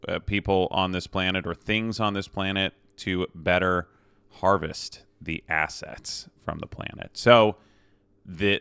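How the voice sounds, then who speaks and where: Chatty man with a bright, clear voice. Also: sits low, dry recording. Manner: rambling, chatty, many fillers and restarts, tags lines with "okay?". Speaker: movie reviewer. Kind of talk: casual spoiler-filled movie review.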